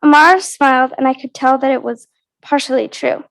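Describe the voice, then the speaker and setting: Young woman, American accent, nervous reader, high voice, dry sound. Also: steady tone, a little fast, creaky, no room sound, rough recording. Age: teens. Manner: nervous, with stage fright. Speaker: student reader. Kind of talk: reading her own story aloud.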